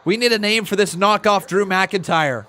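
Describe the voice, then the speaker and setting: A man hosting a live watch-along stream, reacting excitedly to a wrestling show. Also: sits high, normal speed. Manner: excitable, exclaiming and laughing.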